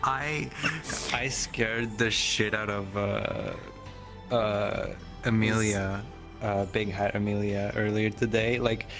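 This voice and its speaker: A man's voice: on the low side, steady tone, slow, over music. A man chatting casually as a fellow role-play player, hesitant and laughing as he recalls funny moments. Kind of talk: casual chat.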